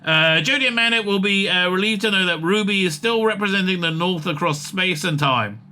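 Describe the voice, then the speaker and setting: Bright, jokey man rambling excitedly. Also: high-pitched, brisk. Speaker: commentator reading an interview. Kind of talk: casual comic commentary.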